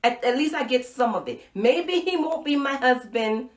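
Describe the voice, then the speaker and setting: A middle-aged woman hosting a live show, telling a personal story with playful, expressive swings between loud and soft. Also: high voice, normal speed, roomy sound. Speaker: live show host and speaker.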